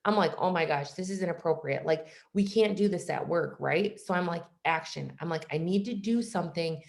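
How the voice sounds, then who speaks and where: A woman's voice: lowish voice, brisk, few pauses, darkish tone. Chatty young woman telling a story. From Michigan. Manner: chatty, says "like" constantly, acts out quoted voices. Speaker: guest speaker. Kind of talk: casual storytelling talk. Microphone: video call.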